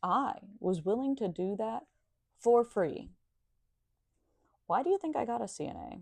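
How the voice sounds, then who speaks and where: A woman's voice: a little high, animated, measured pace, creaky, no room sound, studio quality. A woman talking in a casual monologue, sardonic and profane.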